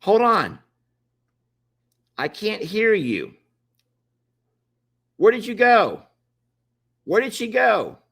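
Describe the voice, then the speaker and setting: A man's voice: high-pitched, huge pitch swings, drawn-out words, gravelly, long pauses, fairly bright tone, breathy edge. A man casually hosting a livestream, chatting and pleading with viewers to join. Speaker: livestream host.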